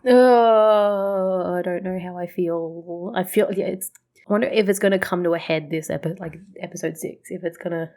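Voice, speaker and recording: A woman's voice: fairly low pitch, normal speed, mellow. A woman hosting a reaction video, chatting casually, swearing freely and rambling through her thoughts. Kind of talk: casual chat reacting to a show.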